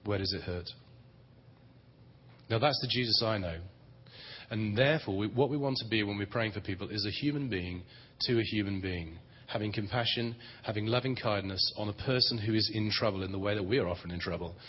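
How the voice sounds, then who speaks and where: This Christian conference speaker on prayer ministry has a lowish voice and talks fairly quickly, giving a plain, conversational teaching with dry humor. A little hiss or hum runs through the dull, reverberant recording of the large conference hall.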